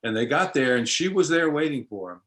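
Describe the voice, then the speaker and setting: A man telling an old story in an interview, unhurried and folksy, lightly acting out the voices of its people. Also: fairly high pitch, expressive, fairly bright tone, poor audio. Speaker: storyteller and musician.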